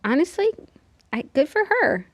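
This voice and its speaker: Woman, podcast co-host, casual chat, chatty, a bit high, dry sound. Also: sing-song, moderate pace, no room sound. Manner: chatty, lots of "like" fillers.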